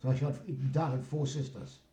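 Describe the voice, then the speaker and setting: A man's voice: medium pitch, steady tone, a little fast, mellow. An older man, rambling through a casual story and often asking "you know what I mean". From North East England. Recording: roomy echo.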